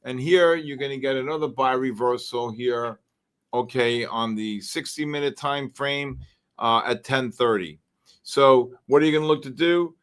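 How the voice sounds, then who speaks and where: A man's voice: mid-range voice, normal speed, a bit bright, smooth. Rambling male trading-stream host. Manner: rambling, exclamatory, talks to chat and dog. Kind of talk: live market commentary.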